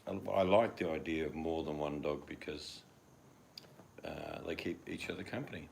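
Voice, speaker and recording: A man's voice: a bass voice, normal speed, gravelly, darkish tone, slight background noise. An older man with an Australian accent chatting casually at home, rambling and acting out his dogs in quoted voices. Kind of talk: casual chat.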